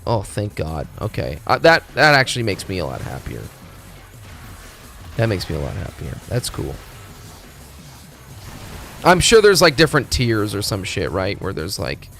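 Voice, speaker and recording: A man chatting casually on a live stream, ranting loudly with constant swearing and jumping between topics. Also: medium pitch, normal speed, creaky, pauses often, soft background music. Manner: profane ranting, animated.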